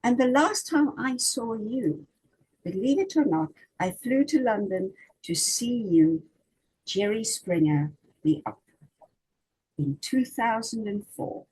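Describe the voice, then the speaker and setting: A woman's voice: on the high side, animated, measured pace, a little mellow, slightly rough, rough recording. A woman from South Africa hosting an interview, chatting casually and praising her guest effusively. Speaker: interview host.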